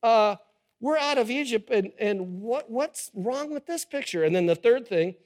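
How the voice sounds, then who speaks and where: A pastor preaching a sermon to a live congregation, animated and quizzing the audience. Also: male voice, very high-pitched, normal speed. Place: church service with a live audience.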